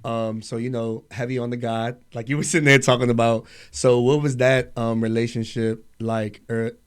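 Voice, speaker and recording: A man's voice: medium pitch, level tone, moderate pace, clear, resonant tone. A man hosting a podcast, asking loose, casual questions with fillers. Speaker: podcast host. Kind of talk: casual interview chat.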